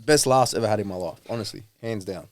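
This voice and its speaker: Young bloke rambling on a podcast, low-ish voice, dry sound. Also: male voice, fast talker, no echo. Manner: laid-back, rambling, lots of fillers and laughs. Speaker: rugby player guest. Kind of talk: casual chat.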